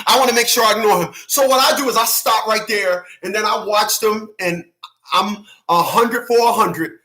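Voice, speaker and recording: A man hosting his own channel, ranting to viewers in loud, slangy, profane commentary and laughing often. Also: sits high, fairly quick, roomy sound. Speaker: channel host.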